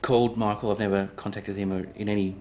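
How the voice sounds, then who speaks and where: A man in a documentary interview, speaking haltingly with many restarts. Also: lowish voice, level tone, a little mellow, slight background noise.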